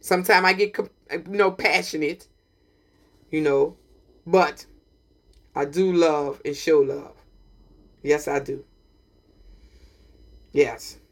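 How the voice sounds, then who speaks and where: A woman's voice: low-pitched, fairly even intonation, slow, pauses often. A woman hosting a community radio broadcast, talking with preachy, emphatic passion and repeating her points. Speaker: radio host.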